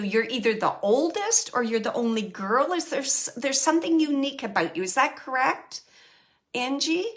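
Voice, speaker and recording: A woman hosting a live mediumship reading, gently relaying spirit messages and often pausing to thank the spirit. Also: fairly high pitch. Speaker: psychic medium and show host.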